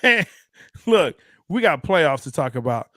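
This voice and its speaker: A man's voice: on the high side, big pitch swings, measured pace, fairly bright tone, no room sound, studio quality. A man hosting a sports podcast in casual chat, teasing and laughing often. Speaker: podcast host.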